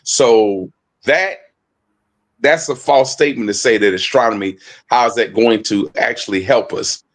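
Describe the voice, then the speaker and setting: A man co-presenting a casual online discussion, talking haltingly with many fillers and restarts, speaking on a phone. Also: medium pitch.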